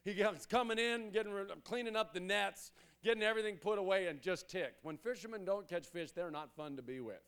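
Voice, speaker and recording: A pastor with a notably high voice delivers a sermon. He presses his points through repetition and rises to loud, urgent exhortations. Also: brisk, few pauses, clean tone. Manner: emphatic, repetitive preaching that swells to loud exhortations.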